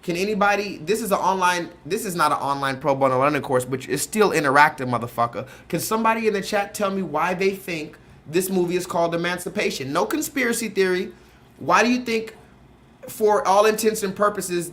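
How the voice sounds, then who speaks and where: A man with a high-pitched voice hosts a livestream. He rants with animated energy, riffs on his topic and breaks off to talk to viewers in the chat. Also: a little fast. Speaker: livestream host. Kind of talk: livestream rant.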